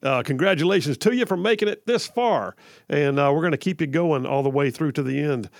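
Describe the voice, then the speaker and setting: Energetic talk radio host, gravelly. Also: male voice, a little high, brisk, no echo, studio quality. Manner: energetic, folksy, chatty. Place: radio studio.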